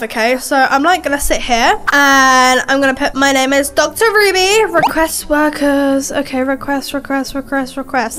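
A woman's voice: sits high, a bit bright. A young woman giving casual gameplay commentary, chatty and rambling with a sarcastic streak. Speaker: gaming YouTuber.

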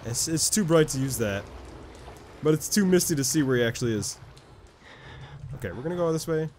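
A young man casually commenting on a horror game he is playing, joking around and getting excitable, close to his desk mic. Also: medium pitch, brisk, long pauses, a little hiss or hum. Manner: jokey and excitable, shouting when chased. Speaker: gameplay commentator. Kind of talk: casual let's-play commentary.

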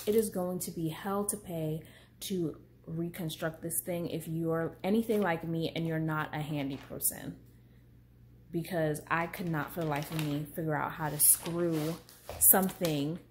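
A woman chatting casually in a vlog, expressive and excitable, with emphatic warnings, in her apartment. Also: low-pitched, unhurried, a little hiss or hum. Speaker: vlogger. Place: apartment room at night. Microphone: phone on ring light mount.

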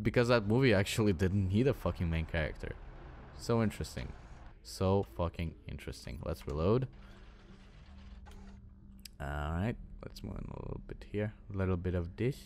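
This young adult gaming channel host commentates his own let's play, scolding his units and swearing often. His voice is fairly low with a darkish tone, and the recording carries a little hiss or hum.

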